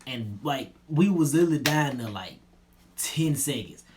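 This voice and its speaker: A young man telling a personal story in a relaxed, slangy way, often trailing off low and quiet. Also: normal speed, slight background noise. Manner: laid-back slangy retelling, drops low and quiet at line ends. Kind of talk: casual storytelling.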